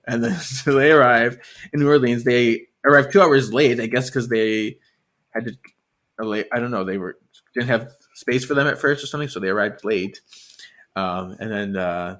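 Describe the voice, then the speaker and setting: A man co-hosting a podcast, casually recapping a novel and acting out the characters' lines with quick laughs. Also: mid-range voice. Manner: animated retelling, acts out characters' lines with laughs. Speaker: podcast co-host. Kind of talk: casual book-recap chat.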